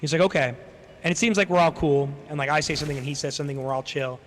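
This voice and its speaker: Young man telling a story on stream, slightly high voice. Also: very fast, fairly bright tone. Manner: rambling, swears, acts out quoted people. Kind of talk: casual storytelling chat. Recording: long reverb, faint background noise.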